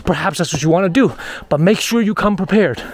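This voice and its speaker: A man's voice: sits high, a little fast. A man narrating his own travel vlog while hiking up a mountain trail outdoors, chatty and repeating himself, getting winded. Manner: chatty, repeats phrases, thinks aloud. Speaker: travel vlogger.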